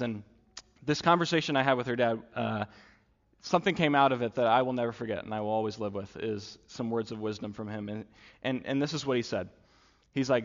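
A man's voice: mid-range voice, a little fast. Young man preaching in a big hall. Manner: earnest, conversational storytelling with many fillers. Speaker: pastor. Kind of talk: sermon. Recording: dull sound with long hall reverb.

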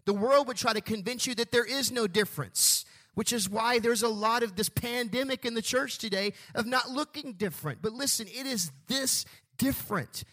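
A male pastor preaching a sermon, emphatic, leading call-and-response and slowing down on stressed phrases. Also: very high voice, pushed and bright. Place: church sanctuary.

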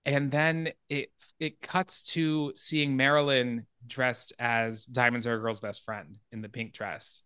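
A man hosting a horror film podcast, walking through movie scenes in a lively, casual retelling with quick asides. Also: mid-range voice, smooth, no echo, studio quality. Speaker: podcast host.

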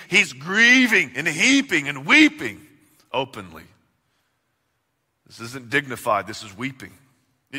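A man's voice: fairly high pitch, pushed and bright, slightly rough, big-room sound. A man preaching a sermon as pastor, earnest, swelling and dropping his volume.

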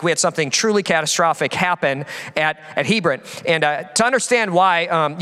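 A man preaching a sermon as pastor, telling stories with quick jokes and frequent fillers. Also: fairly high pitch. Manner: animated storytelling with quick jokes. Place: large church hall. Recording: long hall reverb.

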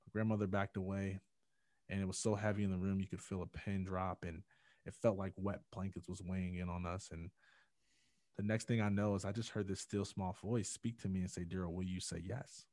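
A man's voice: low voice, little pitch movement, fairly quick, a little mellow, dry recording, clean studio sound. A man, a podcast guest, telling a personal story in earnest and acting out the quotes with rising intensity. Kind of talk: personal testimony in a podcast interview.

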